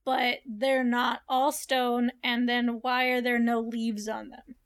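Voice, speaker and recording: A young woman hosting a casual chat, reading a story aloud and reacting with animated, curious asides. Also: on the high side, slow pace, clean tone.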